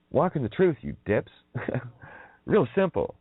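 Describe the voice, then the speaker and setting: A man's voice: mid-range voice, wildly swooping pitch, slow pace, long pauses, slightly rough, no echo. A man hosting a radio show, delivering a rambling, profane monologue in a mocking manner, chuckling between sing-song wordplay. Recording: tinny phone-like audio.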